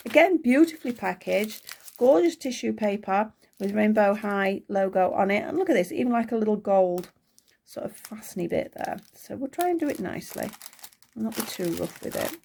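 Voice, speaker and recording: British woman, unboxing review, chatty, thinking aloud, gravelly, slightly hoarse. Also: medium pitch, moderate pace, a little hiss or hum. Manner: chatty, thinking aloud, small excited gasps. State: losing her voice. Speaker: toy unboxing vlogger.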